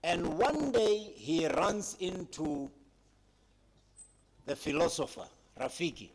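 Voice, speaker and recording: A man giving a public speech at a heritage conference, retelling a story dramatically with emphatic pauses and addressing young people. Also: fairly high pitch, very animated, crowd noise.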